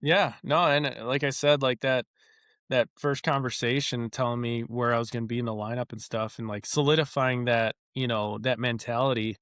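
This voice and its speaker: A young man telling stories as a podcast guest in a casual, animated, rambling way with many fillers. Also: medium pitch, normal speed, clear, resonant tone, no echo, studio quality. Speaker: former baseball player guest.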